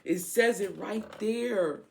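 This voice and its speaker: A woman's voice: medium pitch, slow pace, creaky, darkish tone. A woman giving a casual tarot reading to her viewers, frank, swearing freely and laughing as she talks. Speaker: tarot reader.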